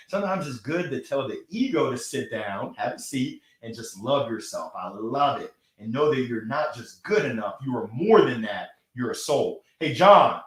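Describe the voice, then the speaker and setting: A man hosting a live motivational stream, reading out viewer comments with energetic enthusiasm and frequent laughter, speaking into a microphone. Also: a little high, normal speed, echoey room. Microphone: gold microphone.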